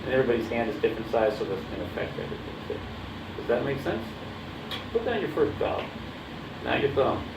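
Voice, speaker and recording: A man's voice: medium pitch, very animated, fast, pauses often. Man coaching a horn lesson, echoey room. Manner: coaching, checks understanding often. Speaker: horn teacher. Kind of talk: casual one-on-one instruction. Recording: roomy, distant, dull mic with background noise.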